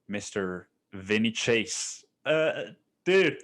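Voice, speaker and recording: A man's voice: on the low side, very animated, very slow, fairly bright tone. Guy rambling on his own podcast, swears a ton, says dude every other line, laid back. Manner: loose, laid-back storytelling with restarts. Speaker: podcast host. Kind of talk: casual solo podcast monologue.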